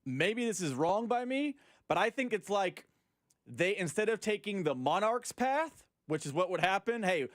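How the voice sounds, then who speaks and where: A man's voice: high-pitched, big pitch swings, moderate pace, a bit bright, dry recording, clean studio sound. A man co-hosting sports talk radio, explaining his opinions in a casual way.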